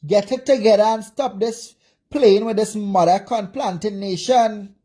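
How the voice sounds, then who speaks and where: A social media commentator with a Jamaican accent rants angrily on a livestream, her medium-pitched voice warm and breathy at a measured pace. She hurls constant profane insults and curses repetitively.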